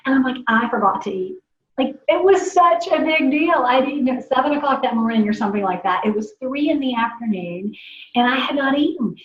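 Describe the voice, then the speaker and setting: A woman from the American South, a podcast guest telling her own story in a lively, enthusiastic way. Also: a little high, reverberant, lo-fi sound. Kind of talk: casual podcast chat.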